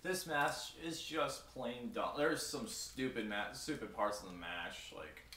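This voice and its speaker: A man's voice: mid-range voice, measured pace, bright, forceful tone. A man chatting casually with friends, reviewing a wrestling show in a blunt, dismissive, rambling way. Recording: echoey room, mic at a distance, faint noise.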